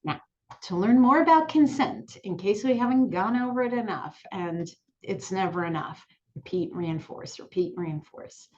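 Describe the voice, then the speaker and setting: Woman educator talking to camera, calm and clear, repeats stuff, kinda lo-fi sound. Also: medium pitch, moderate pace. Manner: calm, clear and reassuring, repeats key points. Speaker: sexuality educator. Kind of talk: direct-to-camera lesson. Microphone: looking into camera, on-camera mic.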